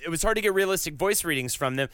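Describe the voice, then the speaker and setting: Smooth-voiced man telling a story. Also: a little high, expressive, racing, fairly bright tone. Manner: profane, storytelling, reads facts aloud. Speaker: podcast co-host. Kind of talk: casual chat.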